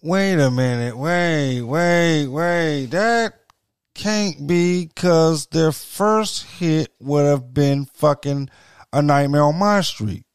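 A man's voice: a little high, slow pace, smooth, no echo, studio quality. A man with a Southern US accent co-hosting a casual podcast, reacting and reading out contact info. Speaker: podcast co-host. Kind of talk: casual chat.

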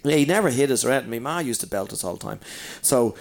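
A man's voice: mid-range voice, expressive, very fast, creaky. A man in his forties, a comedian, telling crude childhood stories in casual chat, swearing freely, laughing and mimicking his parents. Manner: swearing, laughing storyteller who mimics people.

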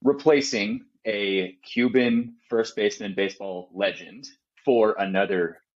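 Deep-voiced young man, muffled line. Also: steady tone, a little slow. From Austin, Texas. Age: young adult. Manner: easygoing, many fillers. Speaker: podcast guest. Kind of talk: casual chat.

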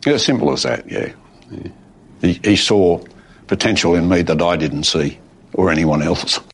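Deep-voiced laid-back Australian man. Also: moderate pace, breathy edge. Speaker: interviewee. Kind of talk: relaxed interview recollection.

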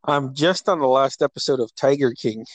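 A man's voice: medium pitch, normal speed, no room sound. A middle-aged father chatting on a phone call, rambling through a story, acting out quotes and laughing often. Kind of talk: casual phone chat.

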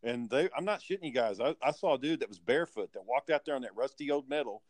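A man's voice: mid-range voice, expressive, fast talker, no room sound. A man hosting a podcast in casual chat, a profane, rambling storyteller. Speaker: podcast host.

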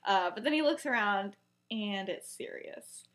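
A woman's voice: mid-range voice, animated, a little slow, fairly bright tone. Chatty young woman retelling a story. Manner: chatty, many fillers, acts out quotes. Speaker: podcast co-host. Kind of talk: casual storytelling retelling a fanfic.

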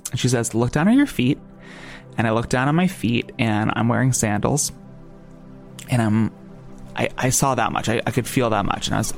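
Gravelly New Jersey man telling a story. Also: mid-range voice. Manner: rambling, many fillers and restarts. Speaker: podcast guest. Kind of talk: casual storytelling.

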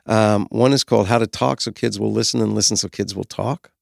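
Gravelly-voiced man in his fifties. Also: fairly low pitch, fairly even intonation, a little fast, no echo, studio quality. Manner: reflective and frank, with occasional swearing. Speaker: guest. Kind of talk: candid conversational storytelling.

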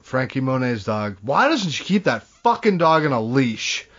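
A man's voice: mid-range voice, very animated, moderate pace, fairly bright tone. A man co-hosting a podcast, casually recapping a wrestling show with profane, laid-back remarks. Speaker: podcast co-host. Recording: dull lo-fi audio.

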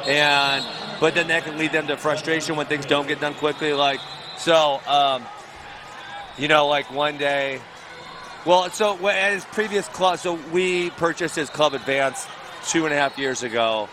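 A man who coaches wrestling, chatting casually on a podcast and acting out his talks with his wrestlers in an animated way. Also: fairly high pitch, a little slow, noisy background.

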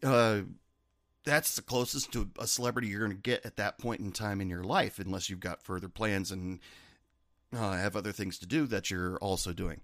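A man's voice: fairly low pitch, fairly even intonation, normal speed, fairly bright tone, no room sound, studio quality. A man who has worked as a bartender, talking in a rambling, chatty way and correcting himself as he goes. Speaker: former bartender telling stories. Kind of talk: casual monologue.

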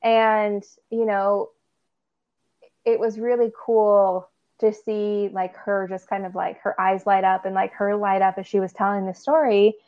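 A woman therapist co-hosting a casual podcast, chatty and quick to laugh, with plenty of fillers. Her voice sits at a middle pitch. The audio is a little dull and lo-fi. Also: flat delivery.

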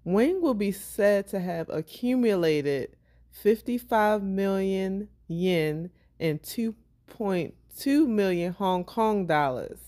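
A woman co-hosting a podcast in casual chat, laid-back and quick to laugh. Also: mid-range voice, expressive, mellow. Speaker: podcast co-host.

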